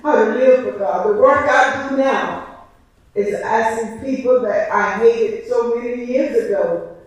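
High-voiced woman preaching in echo. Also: unhurried. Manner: preaching cadence with emphatic repetition. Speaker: licensed preacher giving a testimony. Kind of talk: impassioned church testimony. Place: church. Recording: echoey church from a distance.

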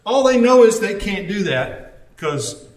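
A man's voice: sits high, big pitch swings, slow pace, roomy sound. A man preaching a conversational sermon, telling stories with wry asides. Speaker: pastor.

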